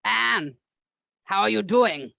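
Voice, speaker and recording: A woman voicing a severe female therapist with a German accent, asking slow, clinical questions. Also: mid-range voice, lively intonation, gravelly, bright, forceful tone, full character voice. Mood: stern.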